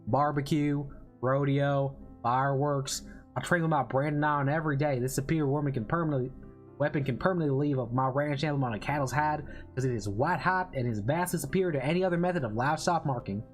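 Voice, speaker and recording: A man doing a slow drawling cowboy braggart. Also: mid-range voice, soft background music, natural voice. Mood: boastful. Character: boastful cowboy rancher man, eager fan of American culture.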